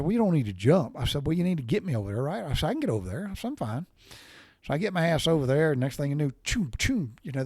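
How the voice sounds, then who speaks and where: A man's voice: fairly high pitch, a little mellow, no room sound, studio quality. A middle-aged man, casually telling a rambling, profane story while sore from recent surgery. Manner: folksy, profane, rambling with restarts. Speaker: podcast storyteller.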